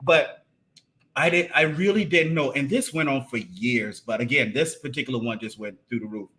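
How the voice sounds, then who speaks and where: A man co-hosting a marriage podcast, talking in an animated, casual way and often repeating and restarting his phrases. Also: mid-range voice, normal speed, slight background noise. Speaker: podcast co-host. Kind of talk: casual conversation about marriage.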